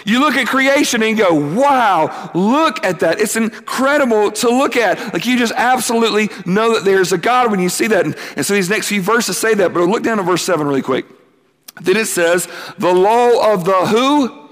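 Camp speaker, man, high voice, big reverberant hall, lively call-and-response preaching. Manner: energetic, quick, acts out quotes, asks the crowd to answer back. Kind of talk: youth camp sermon.

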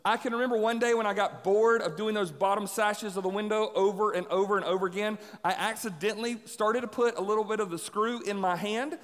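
A man preaching to a congregation, telling stories with animated energy and acting out the people in them. His voice sits high for a man. Long reverb rings through the church hall. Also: a little fast, hardly any pauses. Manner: animated storyteller, acts out voices. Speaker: pastor. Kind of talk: sermon with personal stories.

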